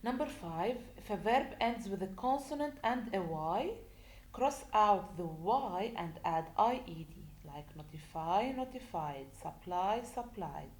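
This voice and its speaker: A woman teaching a grammar lesson, speaking slowly and deliberately, repeating points and asking rhetorical questions. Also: mid-range voice, lively intonation. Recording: echoey room with faint noise.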